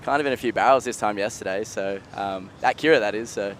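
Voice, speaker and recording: A tired Australian man, a surfer in a relaxed interview, laughing easily. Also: on the low side, fast talker, a little hiss or hum. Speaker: competing surfer interviewed remotely. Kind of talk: casual interview.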